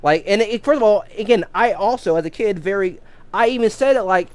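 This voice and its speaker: A man's voice: high-pitched, a little fast, clear, resonant tone. A man in his thirties chatting casually on a live game stream, rambling with many restarts and repeated words. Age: 30s.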